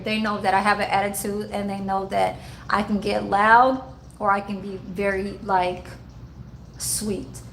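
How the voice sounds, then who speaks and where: A woman's voice: on the high side, fairly bright tone, a little hiss or hum, poor audio. A woman who works in a care-home kitchen, chatting loosely and rambling, with plenty of cussing. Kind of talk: casual vlog chat.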